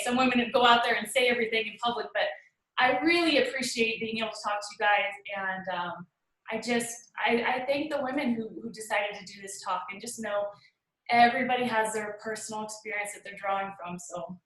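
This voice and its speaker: Woman, slightly high voice, earnest and pleading testimony, pauses often, roomy echo. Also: a bit bright. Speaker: guest speaker on a group call. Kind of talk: heartfelt personal testimony.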